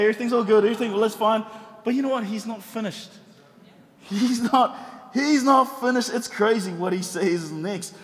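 A man's voice: sits high, a bit bright, big-room sound. A middle-aged man preaching a sermon in a church, telling stories with humor and rhetorical questions. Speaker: pastor.

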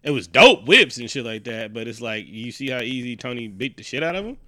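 Brief: bright, forceful male co-host, dry close sound, crude and animated banter. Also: mid-range voice, brisk, dry recording. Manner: profane, animated, joking. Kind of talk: casual movie recap chat.

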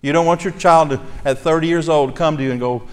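A man's voice: on the high side, fast, clean tone. A man preaching a sermon as pastor, earnest and conversational, asking his congregation rhetorical questions. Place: church sanctuary. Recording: long reverb of a large church hall.

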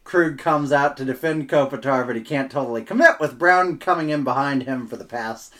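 A man co-hosting a casual sports podcast, recapping game highlights in a laid-back, joking way and laughing often. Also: a little fast, a bit bright. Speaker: co-host.

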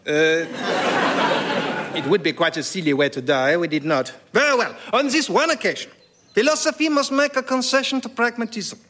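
An actor playing a grandiose, theatrical Voltaire in a put-on outrageous French accent, for a radio comedy sketch. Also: male voice, high voice, normal speed, pushed and bright, slight background noise. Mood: grand. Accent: mock French.

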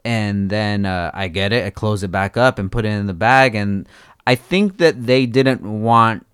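Profane storytelling man with smooth voice. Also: lowish voice, measured pace, dry recording, studio quality. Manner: animated, profane, acts out both sides of the story in raised voices. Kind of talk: casual storytelling chat.

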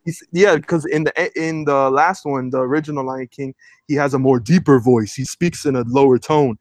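A man's voice: mid-range voice, moderate pace, darkish tone, dry recording. Rambling man on a dry podcast mic. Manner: rambling, many fillers and restarts. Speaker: podcast co-host. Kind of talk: casual podcast chat.

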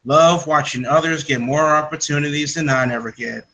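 Man doing a slow sarcastic Australian woman, bright tone. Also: a little high, slight background noise. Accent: put-on Australian. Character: a woman wrestler reading her tweet in an Australian accent.

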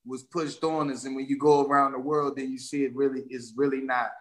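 D.C.-male rapper guest, bright and forceful, animated storyteller. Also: medium pitch, a little fast. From Washington, D.C. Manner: animated, streetwise storytelling with slang. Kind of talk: casual podcast interview.

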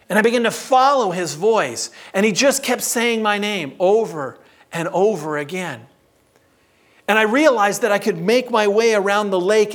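A man telling a personal story in a sermon to a live audience. He is humorous and animated, and he varies his delivery a lot. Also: sits high. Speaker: preacher.

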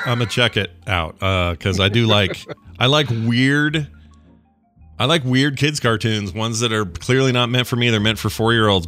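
A man co-hosting a podcast in casual chat, animated and rambling, often laughing. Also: medium pitch. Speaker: podcast co-host.

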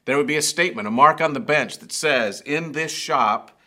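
A man's voice: medium pitch, quick pace, sharp tone. A man preaching a sermon, telling stories and building to emphatic, raised passages. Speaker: pastor.

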